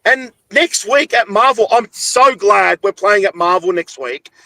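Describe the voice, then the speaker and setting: A young Australian man rants hard about his football club, swearing constantly and pushing his voice up high. His delivery is angry and relentless. The sound is dry and close, with no room around it. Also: measured pace, vocal fry, pushed and bright, no room sound, rough recording. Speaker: football podcast host. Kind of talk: heated post-game rant.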